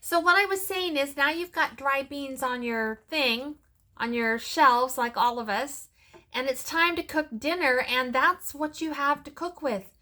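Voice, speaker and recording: A woman's voice: high-pitched, unhurried, pushed and bright. A middle-aged woman hosting a casual cooking vlog, chatting along with sassy asides as she works. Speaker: cooking channel host.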